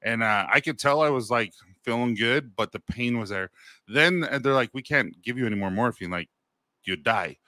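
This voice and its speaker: A man in his thirties co-hosting a podcast, speaking candidly and poking fun at himself. His voice is bright and forceful at a middle pitch. It is recorded dry and close. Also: normal speed, no echo. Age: 30s. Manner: candid, self-deprecating storyteller. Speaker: podcast co-host. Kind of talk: casual storytelling chat.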